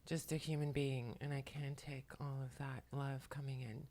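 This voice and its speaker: A tearful woman at home, speaking to the camera in a soft, halting way while relaying messages, often dropping to a whisper. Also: extremely low pitch, little pitch movement. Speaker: spiritual channeler and makeup vlogger. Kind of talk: emotional channeling talk to camera. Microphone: camera mic, speaking to the camera.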